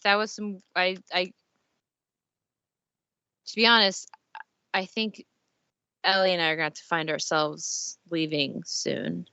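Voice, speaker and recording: A woman with a low, gravelly voice plays a tabletop role-playing game. She speaks in a halting way, full of ums and restarts. Her mic sounds dry and a little muffled. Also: flat delivery, bright, forceful tone, no room sound. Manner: hesitant, halting with many fillers. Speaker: player. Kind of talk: tabletop role-play over voice chat.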